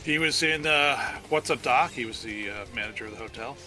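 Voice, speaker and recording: Man, casual chat, quick jokes, short remarks, clear music behind. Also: mid-range voice. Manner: joking, chimes in with short remarks. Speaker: co-player on a game stream.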